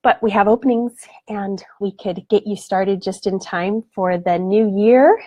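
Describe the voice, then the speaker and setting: A woman's voice: medium pitch, measured pace, dark tone, no room sound, highs cut off. A woman spiritual coach hosting a live stream, chatting with viewers and answering their comments in an effusive, affectionate way. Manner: effusive and affectionate, blows kisses.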